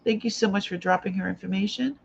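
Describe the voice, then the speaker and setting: This woman talks fast in a medium-pitched, creaky voice, recorded with lo-fi sound and slight background noise. She has an old Boston accent and hosts a live jewelry sale, chatting away and thinking aloud as she checks each item.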